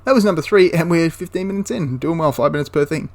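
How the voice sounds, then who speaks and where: A man's voice: a little high, fast talker, a little mellow. A man giving a casual, enthusiastic spoken review of a tabletop wargame, rambling into asides and restarting his sentences.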